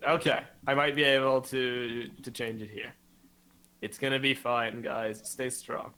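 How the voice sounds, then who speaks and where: A man's voice: mid-range voice, fairly even intonation, measured pace, sharp tone, smooth. A man hosting a casual livestream podcast, joking and teasing his co-host.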